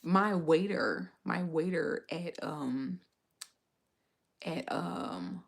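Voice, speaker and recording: A woman's voice: lowish voice, takes it slowly, creaky, slightly rough. A young woman chatting casually on a livestream, rambling through stories with frequent restarts. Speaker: food and travel content creator streaming live.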